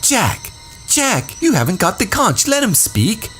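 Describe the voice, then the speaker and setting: A man voices an earnest boy chief pleading for order, urgent and raised high above the reader's low natural pitch. The audiobook figure sounds strained and lively. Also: measured pace, faint music behind, full character voice. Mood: desperate. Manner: urgent and insistent. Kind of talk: audiobook character voice.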